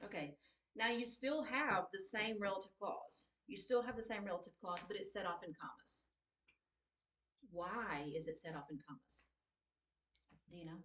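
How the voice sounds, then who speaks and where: A woman's voice: mid-range voice, normal speed, long pauses, fairly bright tone. A woman teaching a writing class, patiently repeating key points and checking that her students understand. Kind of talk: classroom grammar lesson. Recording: roomy echo, distant mic.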